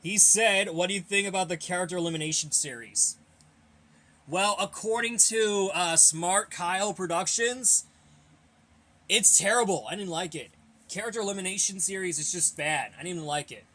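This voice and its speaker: Young guy doing a q&a, kinda high voice, rambly and blunt, bit out of breath. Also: normal speed, pushed and bright. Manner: rambling, repeats himself, blunt opinions. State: a little out of breath. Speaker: host of a fan Q&A channel. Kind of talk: casual Q&A reading viewer questions.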